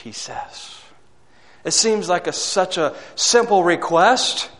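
A man's voice: sits high, expressive, takes it slowly, fairly bright tone, big-room sound. A man preaching a sermon with dramatic delivery, acting out quoted words and asking the congregation rhetorical questions.

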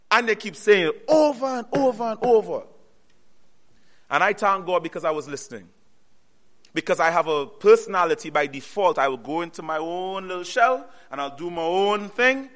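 Earnest high-voiced male preacher. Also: animated, fairly bright tone. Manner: call-and-response, pausing on "what?" for the audience to finish; earnest, repeats key phrases. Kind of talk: sermon.

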